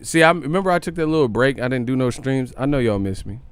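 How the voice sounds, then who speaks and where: A man's voice: medium pitch, animated, quick pace, clean tone. A man hosting a live commentary stream, talking in slangy, profane, joking chat and laughing often. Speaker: host. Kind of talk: livestream commentary.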